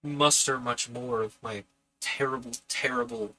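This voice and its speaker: A man's voice: mid-range voice, fairly even intonation, measured pace, bright, forceful tone, poor audio. A man reading a classic novel aloud on a live stream, earnest in the reading and casual and self-deprecating in his asides. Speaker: audiobook reader and streamer.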